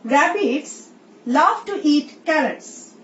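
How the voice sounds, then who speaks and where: A woman teacher with an Indian English accent, slowly explaining a recorded English lesson and reading example sentences aloud. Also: sits high, animated, a bit bright. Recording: roomy, distant, dull sound with faint hiss.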